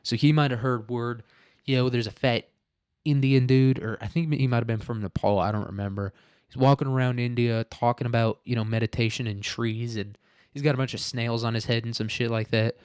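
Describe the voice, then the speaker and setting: A man's voice: medium pitch, steady tone, brisk, smooth, no room sound, studio quality. A man hosting a podcast, talking through his topic in a rambling, joking way and swearing freely. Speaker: podcast host. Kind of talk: casual podcast monologue.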